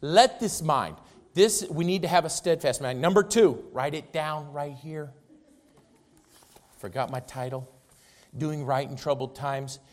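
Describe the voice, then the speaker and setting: A man preaching a sermon, emphatic and repetitive, swinging from loud declarations to soft asides. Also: on the high side, a little slow.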